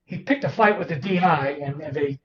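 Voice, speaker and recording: Telling anecdotes in an interview, an older author from Boston, Massachusetts acts out quoted characters with animation. His voice is fairly high and fairly quick. The dull, roomy, distant recording has a crowd audible behind him.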